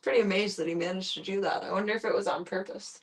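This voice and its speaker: Woman streamer, casual and chatty, coos at pets, mid-pitched. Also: steady tone, fast talker, husky. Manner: chatty, coos and baby-talks to animals. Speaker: streamer working with animals. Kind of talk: casual live-stream chat.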